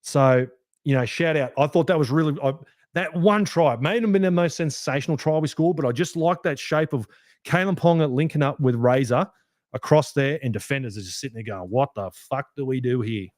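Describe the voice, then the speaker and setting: A man hosting a sports review podcast, talking in an animated, rambling way and swearing freely as a fan. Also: on the high side, brisk, dry recording, studio quality. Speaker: podcast host.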